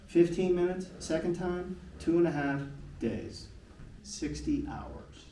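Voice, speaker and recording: Animated middle-aged man speaking in an echoey hall. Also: measured pace. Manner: animated and emphatic, with big swings in pitch and frequent rhetorical questions. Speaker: motivational speaker. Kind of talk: live presentation to an audience. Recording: echoey, distant hall sound with faint noise.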